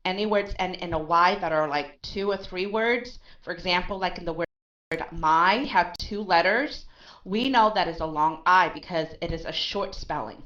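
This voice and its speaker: A woman's voice: fairly low pitch, normal speed, a bit bright. Woman teaching pronunciation, lo-fi recording. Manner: explains step by step, ends phrases with okay; asks and answers her own questions. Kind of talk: recorded online lesson. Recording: dull lo-fi sound.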